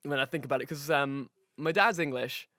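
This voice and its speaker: A man's voice: medium pitch, fairly quick, dry recording, studio quality. A young man from Ireland with a light Irish accent, co-hosting a casual podcast and joking around. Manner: jokey, breaks into loud comic voices. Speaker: podcast co-host.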